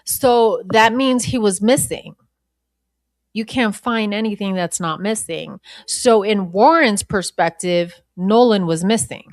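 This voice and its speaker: A woman's voice: medium pitch, slow pace, no echo, studio quality. A woman hosting a podcast, giving blunt, profane and indignant commentary between clips. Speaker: podcast host. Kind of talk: live commentary over a played clip.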